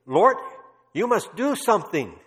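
A man's voice: sits high, big pitch swings, a little slow, fairly bright tone, voice pushed up, full character voice. A man imitating a bold elderly woman with a put-on Dutch accent, pleading urgently and insistently with God. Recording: long reverb of a large hall.

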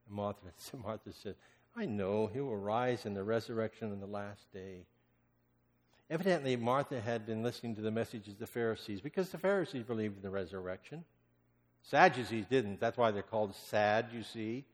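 A man preaching a sermon as pastor, swinging between loud impassioned cries and hushed, almost whispered lines. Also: fairly low pitch, lively intonation, normal speed. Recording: long hall reverb.

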